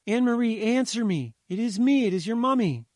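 Frantic mother on the phone, pitched well up and loud, read by a man. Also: animated, brisk, no room sound, studio quality. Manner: high, pleading shouts. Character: frantic mother calling for her lost child.

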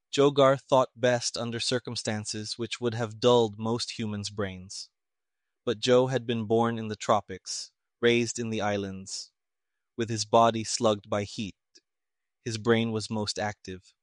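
A man reading a story aloud in measured, even audiobook narration. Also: fairly low pitch, no echo, clean studio sound.

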